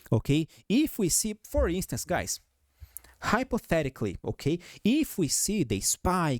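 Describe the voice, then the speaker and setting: A man's voice: a little high, a little mellow. This is a man hosting a stock-market chart breakdown, and he speaks with a noticeable foreign accent. His intonation rises and falls a lot as he calls out levels and targets. He often turns to viewers with "guys" and "right?", and the recording is dry with no room echo. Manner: peppers talk with "okay?", "right?" and "guys". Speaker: stock market analyst host. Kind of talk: technical chart analysis commentary.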